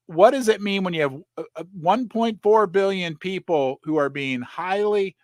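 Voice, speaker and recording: A man's voice: high-pitched, moderate pace, darkish tone, no echo. A man hosting a casual commentary show, reading articles aloud and breaking in with sarcastic asides. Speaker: precious metals commentator.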